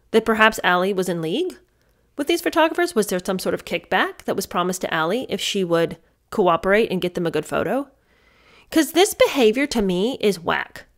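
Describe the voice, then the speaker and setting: A woman giving a casual book review, emphatic and exasperated, talking back to the people in the story and piling up rhetorical questions. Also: mid-range voice. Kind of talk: casual commentary.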